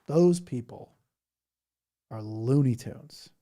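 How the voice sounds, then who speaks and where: On his livestream, a man with a warm, mid-range voice talks slowly but animatedly, responding to viewer comments in a rambling, laughing way and mocking things with silly voices.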